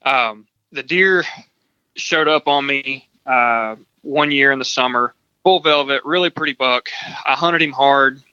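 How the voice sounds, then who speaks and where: A man's voice: medium pitch, measured pace, bright, forceful tone, smooth, no echo. A man, a podcast guest, telling a story casually and thoughtfully, with many ums and restarts. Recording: dull lo-fi sound.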